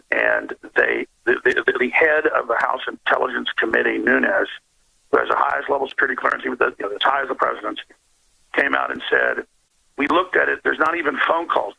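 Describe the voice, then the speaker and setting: A man's voice: rumbling low, pushed and bright. A man calling in to a talk radio show, speaking in a rambling, emphatic way over a phone line. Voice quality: gravelly.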